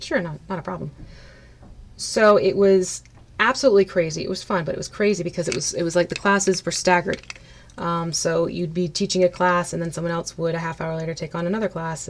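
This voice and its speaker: A woman paints miniatures while chatting casually on a live stream, laughing often and brightly greeting viewers by name. Her pitch is fairly low.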